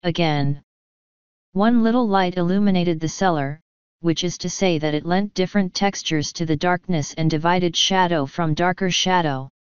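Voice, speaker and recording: A woman narrates an audiobook in a very crisp, lowish voice with a measured, wry delivery. She is close to the mic in a dry room, and the sound is a little dull. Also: no echo.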